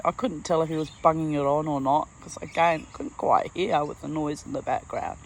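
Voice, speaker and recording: A woman's voice: sits low, steady tone, normal speed, few pauses, slight background noise, poor audio. A woman in her sixties from Australia, telling a rambling personal story at home, full of asides and laughs. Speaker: vlogger. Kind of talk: casual storytelling monologue. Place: at home near a garden.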